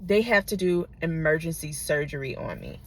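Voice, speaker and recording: A woman's voice: sits low, sing-song, moderate pace. A woman vlogger telling a personal story in a casual, digressive, profane way, often checking in with her listeners.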